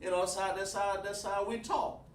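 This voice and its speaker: A man teaching a casual class at a whiteboard, talking in a relaxed, folksy way and often repeating himself as he addresses students directly. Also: high voice, normal speed, a little hiss or hum. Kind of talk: casual classroom lesson streamed online. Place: room with a whiteboard. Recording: echoey room, speaker far from mic.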